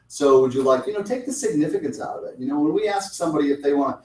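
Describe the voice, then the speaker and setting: A man's voice: mid-range voice, very animated, rapid-fire, hardly any pauses, a little mellow. Conversational man in an echoey room. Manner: conversational, acts out little client dialogues. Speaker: sales coach. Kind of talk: lunch talk presentation. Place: meeting room. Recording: echoey room, mic at a distance.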